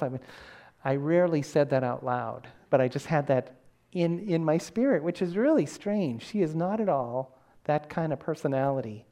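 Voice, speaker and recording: Middle-aged guy preaching, warm mellow tone, chatty and earnest. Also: fairly high pitch, lively intonation, moderate pace. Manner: earnest, conversational preaching with frequent restarts. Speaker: pastor. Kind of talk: sermon.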